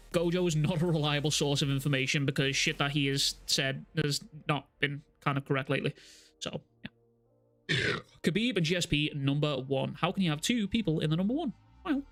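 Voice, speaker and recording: A young man live streaming, reacting to chat messages with excitable, heavily profane talk. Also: fairly high pitch, normal speed, soft background music.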